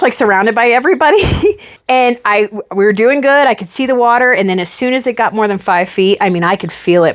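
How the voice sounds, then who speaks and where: A woman in her thirties co-hosting a casual chat, telling a story with lots of swearing and acting out her own panic. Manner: animated, swears freely, acts out her own panic with big pitch jumps. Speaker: podcast co-host.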